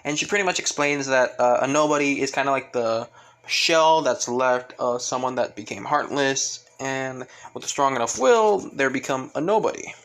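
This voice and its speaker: A man's voice: medium pitch, moderate pace, fairly bright tone, low-quality recording. A man casually retelling a fan fiction story, rambling and repeating fillers. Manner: rambling, fills with "pretty much".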